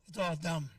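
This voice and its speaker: A man's voice: fairly high pitch, fairly bright tone, dry recording, recorded from a distance. A middle-aged man doing a stand-up set, ranting in a brash, profane way at the crowd. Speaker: stand-up comedian.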